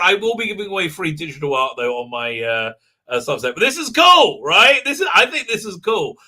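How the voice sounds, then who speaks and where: A man's voice: on the high side, very animated, normal speed, pushed and bright. A man hosting a casual live stream, talking in a rambling way with many fillers, restarts and frequent laughs. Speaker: livestream host.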